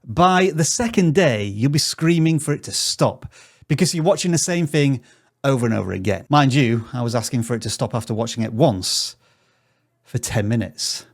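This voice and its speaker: A man hosts a scripted tutorial, giving direct tips on growing a channel. His voice sits at an ordinary pitch but swings up and down with lots of life. He stays upbeat and drops in the odd joke. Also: animated, moderate pace. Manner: upbeat, joking, direct advice. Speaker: YouTube growth tutorial host.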